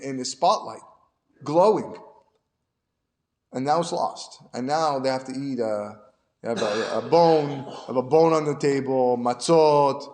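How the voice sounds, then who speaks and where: A male rabbi giving a Torah lesson, telling a story and building to animated emphasis. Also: on the high side.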